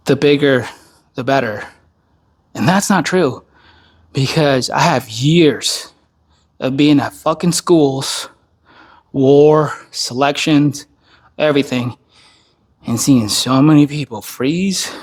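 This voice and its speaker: A man who is an army veteran, tired and worn down, speaking in a blunt and heavily profane casual monologue. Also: medium pitch. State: tired, worn down by recent illness.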